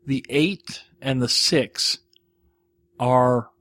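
A man hosting a podcast, talking through listener questions in a loose, rambling monologue. He is quick to poke fun at himself, and his voice sits in an ordinary middle pitch. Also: a bit bright, dry recording. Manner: rambling, self-deprecating. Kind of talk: casual monologue.

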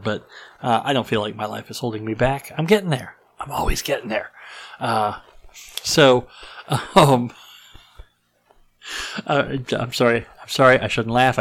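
A man's voice: medium pitch, fairly bright tone, low-quality recording. A man hosting a podcast in casual, rambling chat with many restarts, his nose stuffed up and slightly congested. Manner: rambling, self-deprecating, frequent restarts and fillers. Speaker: podcast host.

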